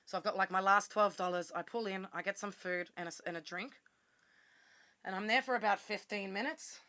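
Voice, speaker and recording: A woman's voice: medium pitch, fairly quick, sharp tone, no room sound. An Australian woman telling a personal story to camera in a blunt, casual way, swearing freely and acting out what she said to herself. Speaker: vlogger.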